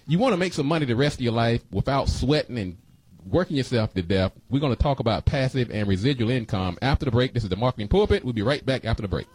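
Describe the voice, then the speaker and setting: A man's voice: mid-range voice, expressive, quick pace, a little mellow, slightly rough, no room sound. A man hosting a talk radio show, talking in a folksy, preachy way and repeating himself for emphasis into a studio microphone.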